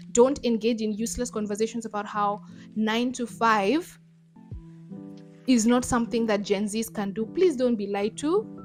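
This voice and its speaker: A young woman vlogging straight to camera, blunt and impassioned, dropping Swahili slang into her talk. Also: on the high side. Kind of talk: direct-to-camera commentary.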